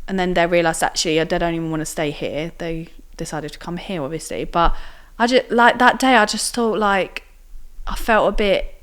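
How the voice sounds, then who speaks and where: A young woman from Italy speaks as a podcast guest. Her voice sits fairly low. She talks casually, full of fillers, and acts out what people said to her. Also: normal speed, fairly bright tone, clear, resonant tone. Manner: chatty, many fillers and acted quotes. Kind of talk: casual interview storytelling.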